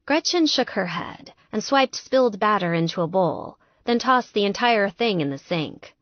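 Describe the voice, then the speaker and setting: Woman reading an audiobook, lively swoopy pitch, dry dull lo-fi sound. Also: normal speed, hardly any pauses, no room sound. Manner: lively, expressive storytelling. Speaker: audiobook narrator. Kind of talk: scripted audiobook narration.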